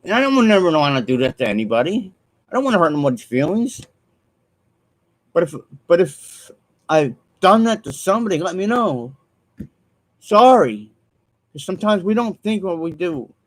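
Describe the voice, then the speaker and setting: A man's voice: high-pitched, big pitch swings, normal speed, long pauses, poor audio. Earnest rambling man vlogging. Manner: earnest, repetitive, apologetic, trailing off with ums. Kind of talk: rambling solo vlog monologue.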